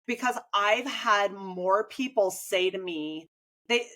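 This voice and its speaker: A woman's voice: medium pitch, takes it slowly. A woman coach and host in casual conversation, chatty and acting out what people say. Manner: chatty, animated, acts out quoted remarks.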